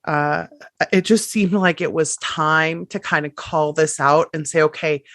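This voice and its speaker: A woman's voice: sits low, a little slow, a bit bright, dry recording, studio quality. A woman, a writing coach, talking as a guest on a podcast in an emphatic way, repeating words for stress. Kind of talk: conversational podcast interview.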